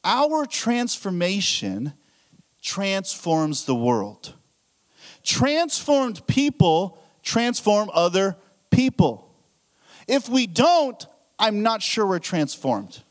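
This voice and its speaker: Lively high-voiced man preaching a sermon. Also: extremely slow. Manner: animated storytelling with acted-out inner thoughts. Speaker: pastor.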